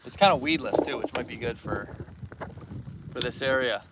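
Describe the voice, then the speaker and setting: A young man from Northern Ontario chats casually while fishing, answering viewers in a mid-pitched, relaxed voice. He's outdoors on a lake, and heavy wind rushes across the phone mic throughout. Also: recorded from a distance. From Northern Ontario, Canada. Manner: relaxed, chatty, reads and answers viewer comments. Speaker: fishing livestreamer. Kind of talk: casual live-stream chat. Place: outdoors by a lake on a windy day. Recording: loud wind noise over outdoor mic.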